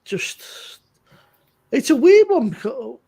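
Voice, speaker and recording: A man on a beer-review stream tells stories in loose, casual chat. His voice is gravelly and husky. He swears freely and breaks into laughs. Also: very high voice, big pitch swings, slow, dark tone.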